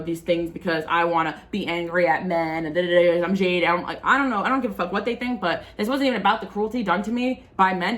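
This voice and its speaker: A woman's mid-range, fairly bright voice carries a tarot reading for her viewers, with a little hiss or hum in the background. Her delivery is casual and impassioned, rambling with frequent fillers.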